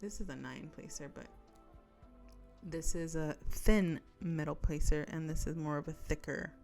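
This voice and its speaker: A young woman chats while she crafts at home, her voice slightly low. She rambles, laughs often and drifts between topics. Faint music plays underneath. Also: unhurried, darkish tone. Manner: giggly, rambling storyteller. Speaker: crafting channel host. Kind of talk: casual chat while crafting.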